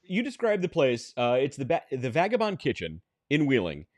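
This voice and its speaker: Easygoing podcast host guy, bouncy pitch, laughs a lot, dry close sound. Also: moderate pace, no room sound. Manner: lively, filler-heavy, laughs easily. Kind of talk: casual chat.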